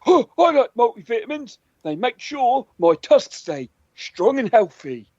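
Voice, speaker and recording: A man's voice: extremely high pitch, big pitch swings, a little slow, a little mellow, breathy edge, dull audio, full character voice. A man voicing a chirpy tusked creature. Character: small tusked creature fond of vitamins.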